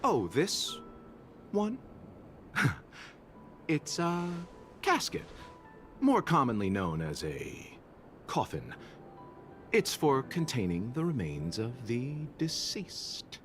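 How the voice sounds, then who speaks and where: A suave, courteous merchant. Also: male voice, medium pitch, huge pitch swings, slow, pauses often, soft background music. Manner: refined, courteous, amused. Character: suave polite male merchant carrying a coffin. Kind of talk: video game cutscene dialogue.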